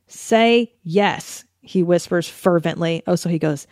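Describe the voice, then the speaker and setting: A woman's voice: lowish voice, steady tone, normal speed, darkish tone, no echo, clean studio sound. Giggly woman hosting a solo podcast. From Los Angeles area, USA. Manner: giggly, self-conscious, mock-dramatic reading. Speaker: podcast host. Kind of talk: casual solo podcast, reading aloud.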